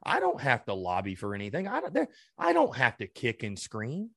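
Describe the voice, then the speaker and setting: A male podcast host vents in a heated, furious rant, swearing and tripping over restarts as he jumps from sharp high outbursts down to low grumbles. His voice is very lively in pitch. The recording is close and dry, with no room sound. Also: fairly quick, creaky, no room sound. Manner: heated and ranting, swearing, with many stammered restarts. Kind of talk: sports fan rant.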